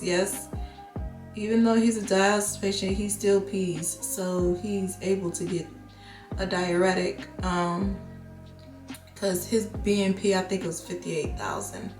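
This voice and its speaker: A woman nurse vlogger telling a work story in casual chat, slangy and animated, acting out what people said. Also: medium pitch, reverberant. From Florida. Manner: animated, slangy, acts out quotes.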